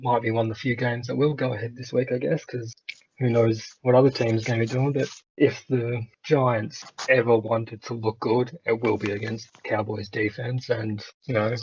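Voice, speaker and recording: An Australian man on a podcast panel, giving his views in a measured, plain-spoken way. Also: medium pitch, dull audio, a little hiss or hum. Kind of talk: casual chat.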